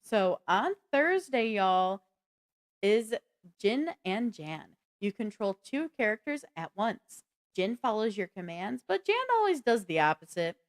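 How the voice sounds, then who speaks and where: A woman's voice: mid-range voice, big pitch swings, unhurried. A woman co-hosting a live gaming news stream, chatty, full of fillers and self-corrections. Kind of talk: casual live-stream chat.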